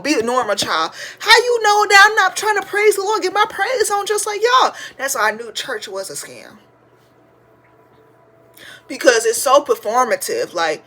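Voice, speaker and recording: A woman in her twenties hosting a podcast, telling a funny story in a chatty, slangy way, sometimes breaking into loud shouted praise. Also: medium pitch, breathy edge. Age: 20s. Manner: slangy, chatty, addresses listeners as y'all. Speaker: podcast host. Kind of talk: casual storytelling to listeners.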